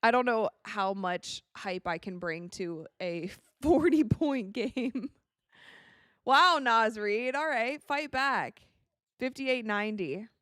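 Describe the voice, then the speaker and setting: An excitable woman from the United States giving casual live commentary while watching a game, tired and yawning, with quick reactions and frequent laughs. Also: mid-range voice, smooth, no room sound, clean studio sound. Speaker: live-stream sports commentator.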